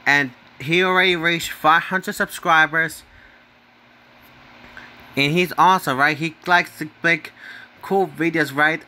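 A man's voice: a little high, fairly even intonation, measured pace, long pauses, sharp tone. A man hosting his own channel, casually talking through a ranking of his favorite users. He rambles, repeats himself, keeps asking "right?" and trips over names before correcting himself. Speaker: channel host.

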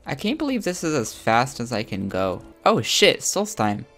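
A man giving crude, joking commentary while playing a video game, with loud excited outbursts. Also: medium pitch, normal speed, faint music behind. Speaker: gamer streaming his own play. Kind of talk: profane let's-play commentary.

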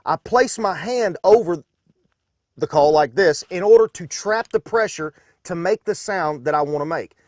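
A man's voice: high-pitched, lively intonation, moderate pace, a little mellow, no echo, clean studio sound. A man from Arkansas, demonstrating duck calls in a folksy, instructional way from a duck blind.

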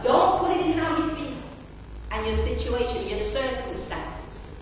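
A woman's voice: fairly high pitch, expressive, a little slow, a little hiss or hum. A woman pastor preaching a sermon at an evening church service, earnest and conversational, with frequent rhetorical questions. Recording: echoey church hall, distant mic.

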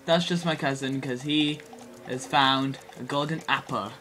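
A woman's voice: rumbling low, steady tone, a little slow, over loud music. A woman giving casual gameplay commentary, giggling often, exclaiming and repeating words.

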